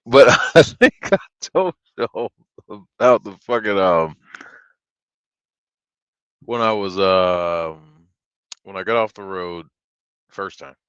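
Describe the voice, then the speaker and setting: Man, streamer, deep voice, slow, profane rambling storytelling, dry sound. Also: a bit bright, clear, resonant tone, no room sound, lo-fi sound. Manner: profane, rambling, with many fillers. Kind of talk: casual storytelling chat.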